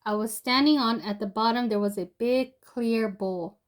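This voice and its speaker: A woman's voice: on the high side, moderate pace. A young woman telling a personal story in a loose, rambling way, full of fillers and restarts. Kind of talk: casual spoken storytelling.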